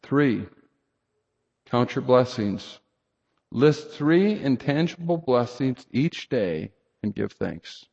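A man's voice: medium pitch, sing-song, slow, gravelly, darkish tone, breathy edge, long reverb tail, muffled recording. A middle-aged man preaching a sermon, speaking earnestly and directly to his congregation and leaning hard on scripture. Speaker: pastor.

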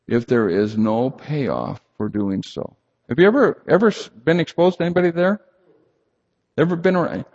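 A man preaching a sermon to a congregation, emphatic and animated, rising high for emphasis and dropping low and quiet. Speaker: pastor. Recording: lo-fi recording in a reverberant hall.

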